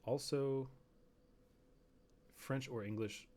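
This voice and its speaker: A man's voice: medium pitch, steady tone, very slow, darkish tone. A man streaming a hunting game, rambling casually and dropping to a near whisper while sneaking up on animals. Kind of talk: casual gameplay commentary.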